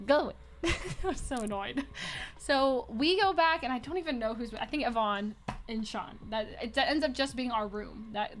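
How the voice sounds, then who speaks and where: A woman with a notably high voice tells a story in casual chat. She slips into quoted voices and laughs often as she goes. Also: a little hiss or hum. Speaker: storyteller recounting a trip.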